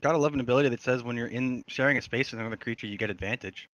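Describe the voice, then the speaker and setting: A man playing an online tabletop game, describing his character's turn in an amused, relaxed way. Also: medium pitch, very fast, dry recording, rough recording. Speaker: player.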